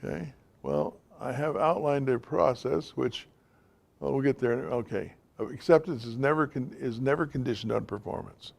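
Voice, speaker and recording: A man's voice: medium pitch, lively intonation, normal speed, creaky. A man giving an informal, direct talk to a class of men, speaking to them plainly as guys and fellas. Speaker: teacher of a men's class.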